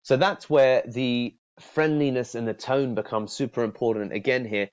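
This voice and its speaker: A man's voice: mid-range voice, fairly even intonation, normal speed, no echo, lo-fi sound. Man coaching cold calls, repeating himself. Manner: repeats words, acts out friendly phone openers in a lifted voice. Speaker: sales trainer. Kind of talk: casual spoken training talk.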